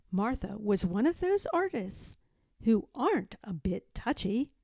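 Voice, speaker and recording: A woman reading a children's picture book aloud, expressive and giving voices to the dialogue, in a quiet small room. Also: a little high, a little slow, dry recording. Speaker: read-aloud narrator.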